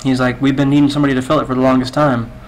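A man's voice: medium pitch, flat delivery, racing, rough recording. A man chatting with a friend during a game, telling a long shaggy-dog joke at an easy pace. He keeps quoting the characters with "he's like". A faint hiss sits under his voice. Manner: loose storytelling, many "he's like" quotes. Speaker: gamer telling jokes. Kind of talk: casual chat telling a joke.

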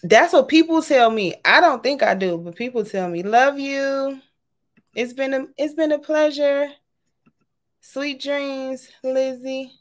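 A woman's voice: high-pitched, unhurried. Chatty woman hosting a livestream. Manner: warm, chatty, says y'all often. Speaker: livestream host. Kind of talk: casual livestream sign-off chat.

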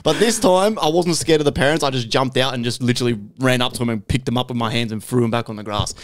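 A young man telling a story on a podcast, animated and full of swearing, checking in with "right?" as he goes. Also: mid-range voice, fast talker, no room sound, clean studio sound. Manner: animated, swears constantly, keeps adding "right?". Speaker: podcast host. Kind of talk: casual storytelling chat.

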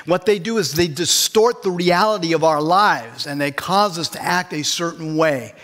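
A man's voice: high voice, fairly bright tone. A man, a pastor, preaching a conversational sermon and putting questions to his congregation in church.

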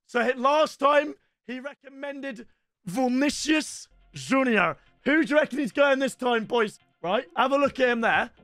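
A young man hosting a gaming video, talking in a very high, bright register. He chats and banters excitably with his viewers, and faint music plays under his voice. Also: a little slow, no echo. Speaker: video game channel host. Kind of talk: casual gaming commentary.

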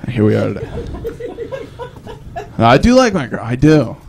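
A man's voice: mid-range voice, sing-song, normal speed, gravelly, pauses often, darkish tone. A young man doing a live stand-up set, telling rambling self-deprecating stories with frequent restarts. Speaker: stand-up comedian.

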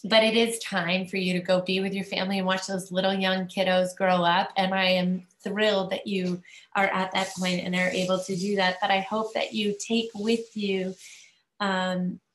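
A woman's voice: medium pitch, little pitch movement. Woman near tears, echoey room. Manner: halting, many fillers, near tears. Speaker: school committee chair. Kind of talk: emotional farewell tribute at a meeting.

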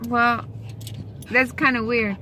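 A woman's voice: on the high side, steady tone, slow pace, bright, forceful tone, a little hiss or hum. A young adult woman vlogging in a car and a store, chatting casually and rambling through exasperated complaints with lots of fillers. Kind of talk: casual chat. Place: inside a car, later a store.

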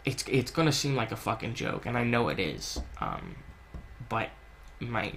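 Gravelly man telling a storytime. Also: medium pitch, sharp tone, slight background noise. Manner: casual, heavy swearing, many fillers and restarts; earnest, confessional. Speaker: gaming channel host. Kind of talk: storytime narration while playing a game.

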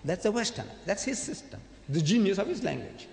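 A fairly high-voiced man argues his case in a public debate, dramatic and given to acting out the lines he quotes. The recording is roomy, with the long reverb of a large hall. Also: sing-song, fairly quick, creaky, a little hiss or hum. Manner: dramatic, acts out quotations loudly. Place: large hall before an audience.

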